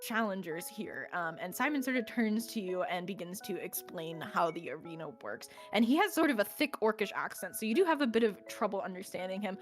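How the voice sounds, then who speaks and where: A woman game master narrating a fantasy adventure in a mid-pitched voice. Her description is loose and conversational, full of "um"s and little laughs, with faint music playing behind. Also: expressive, brisk, hardly any pauses. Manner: descriptive, with frequent fillers and laughs. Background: faint background music.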